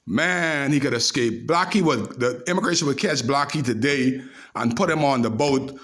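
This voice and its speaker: A man telling animated, laugh-filled anecdotes to the camera in a casual way. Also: mid-range voice, normal speed. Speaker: storyteller.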